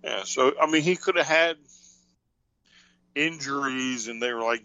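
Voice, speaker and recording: A man's voice: medium pitch, moderate pace, pauses often, bright, forceful tone, lo-fi sound. A man co-hosting a podcast, talking casually in a rambling way and thinking aloud with lots of fillers. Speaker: podcast co-host. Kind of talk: casual wrestling chat.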